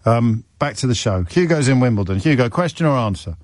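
A man's voice: mid-range voice, expressive, a little fast, a little mellow, no echo, studio quality. A man hosting a radio phone-in, talking in a rambling, teasing way with self-mocking asides. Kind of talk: casual radio chat. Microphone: studio microphone.

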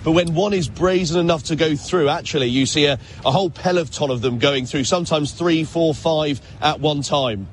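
A man with a fairly high voice reports live from the roadside for the radio, in a chatty and informal way. Faint street and traffic sounds run behind him. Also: moderate pace, hardly any pauses.

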